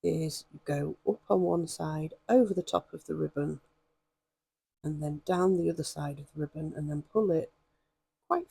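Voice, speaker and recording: A woman with a hoarse voice, chatting and rambling with many ums as she demonstrates stitching in a craft vlog. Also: sits low, moderate pace, warm tone, dry recording. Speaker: craft vlogger.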